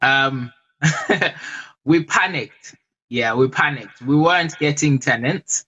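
A man guest in an interview, speaking hesitantly with frequent pauses and restarts. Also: medium pitch, pushed and bright, breathy edge, lo-fi sound. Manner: hesitant, many fillers and restarts. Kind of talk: casual interview.

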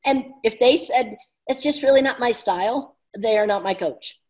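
An energetic woman coach chats at a brisk pace with a slightly high voice. She laughs easily as she talks. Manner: fast, energetic, laughs often. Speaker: business coach. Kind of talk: casual conversation.

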